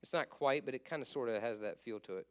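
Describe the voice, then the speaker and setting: A man with a medium-pitched voice teaches a class at a quick pace, casually repeating letter names. He often trails off as he writes on the board while talking.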